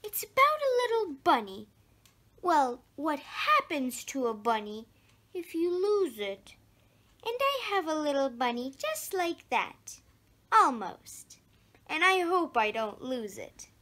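Slow, lively, high-voiced woman reading aloud. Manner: slow, expressive storytelling. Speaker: storybook reader. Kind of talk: reading a picture book aloud.

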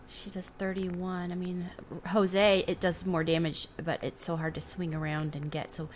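A young woman talks through a video game in a casual, excitable way, tripping over her words when she gets flustered. Her voice sits slightly low. A faint hiss runs under the recording. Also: normal speed. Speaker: gameplay host. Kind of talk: casual let's-play commentary.

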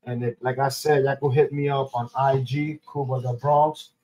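A man's voice: mid-range voice, level tone, moderate pace, dark tone, dull audio. A young man with a New York accent chatting casually to his viewers, loose and slangy with many ums and restarts. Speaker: streamer host. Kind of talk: casual chat.

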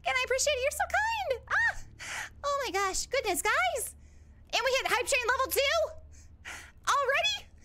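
Bubbly Ruby Rose, high and lively. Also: female voice, moderate pace. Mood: excited. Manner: bubbly, excitable, squeals often. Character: cheerful young huntress girl, bubbly and sweet. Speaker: VTuber streamer. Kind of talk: live-stream chat in character.

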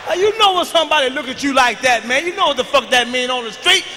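A man doing a stand-up routine on an arena stage, loud and profane, shouting his punchlines into a handheld mic. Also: very high voice, expressive, fast talker, background noise. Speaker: stand-up comedian. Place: large arena stage with live audience. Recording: live arena recording with long reverb.

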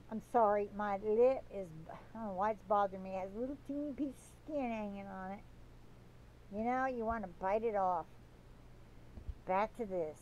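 A woman reading prophecy and scripture aloud in a deliberate way, stopping for chatty asides and apologies. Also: mid-range voice, darkish tone, muffled recording. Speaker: Christian devotional reader.

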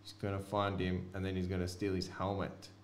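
Aussie guy opening cards, slow and offhand, kinda low voice, roomy echo. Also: completely flat delivery. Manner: slow, offhand, chatting to viewers. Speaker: card break host. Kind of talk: casual card-break commentary. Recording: echoey room with faint noise.

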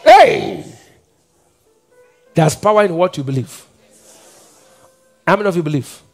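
A middle-aged man with a Nigerian accent preaching a sermon, swinging between quiet asides and emphatic, shouted decrees. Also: on the high side, a little fast, soft background music. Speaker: pastor.

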